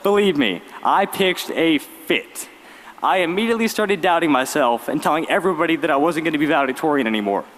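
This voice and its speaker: A young man, giving a graduation speech as valedictorian with lively storytelling and wry humor. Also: a little high, fairly quick, a little hiss or hum. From Virginia, US. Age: late teens. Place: large arena. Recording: long arena reverb.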